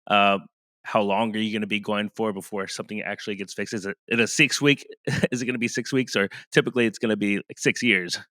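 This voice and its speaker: A man's voice: on the low side, fairly even intonation, fast talker, sharp tone, no room sound. A man hosting a podcast interview, reacting in a loose, casual way with lots of fillers. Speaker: podcast host.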